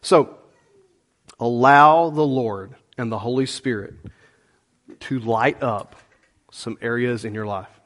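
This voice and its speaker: A middle-aged man preaching a sermon as pastor, conversational and animated, with folksy asides to the congregation. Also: mid-range voice, slow, pauses often.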